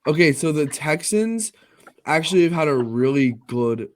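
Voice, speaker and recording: A man co-hosting a podcast, going over sports news casually and in a measured way. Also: on the high side, animated. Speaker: podcast co-host.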